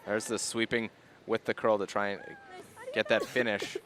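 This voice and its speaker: A man commentating on a curling match in a calm, explanatory way. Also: lowish voice, normal speed. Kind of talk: play-by-play commentary.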